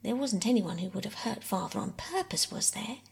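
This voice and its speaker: A woman softly voicing an earnest, worried young girl in a whispered role-play reading. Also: medium pitch, big pitch swings, moderate pace, vocal fry. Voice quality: soft whisper.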